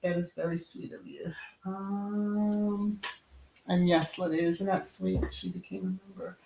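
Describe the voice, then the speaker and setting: Unhurried woman hosting a roomy livestream. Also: fairly low pitch, fairly even intonation, vocal fry, dark tone. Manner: chatty, reacts aloud to viewers, laughs often. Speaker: channel host. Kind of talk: casual livestream chat reading comments. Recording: roomy echo.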